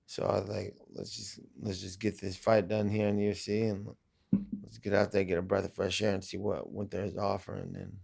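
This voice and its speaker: A man's voice: low-pitched, level tone, brisk, vocal fry, darkish tone. A man telling stories as a podcast guest, laid-back and full of swearing. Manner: profane, laid-back, rambling. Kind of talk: casual storytelling.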